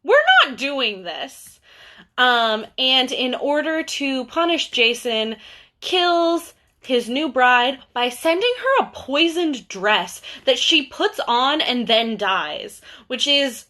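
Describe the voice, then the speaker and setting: A woman's voice: sits high, expressive, slow, pushed and bright. A young woman, a bookseller, chatting casually about books on a livestream, full of fillers and asides. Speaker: bookseller hosting a book talk.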